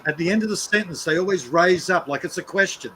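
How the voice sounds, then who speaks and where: A man chatting on a stream, animated and quick to mock, swearing freely as he talks. His voice sits a little high for a man. A faint hiss of background noise hangs behind him. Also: poor audio. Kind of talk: casual chat.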